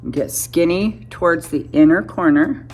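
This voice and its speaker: A woman in her fifties with a notably low voice chats her way through a makeup tutorial, narrating every step as she goes. She is casual and a bit self-deprecating, and soft music plays faintly behind her. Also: unhurried. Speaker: beauty vlogger.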